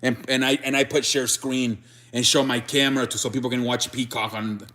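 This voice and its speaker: Bright young man chatting on a live stream. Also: mid-range voice, level tone, brisk. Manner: rambling, restarts, reads chat aloud. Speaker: sports show host. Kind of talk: casual live-stream chat with viewers.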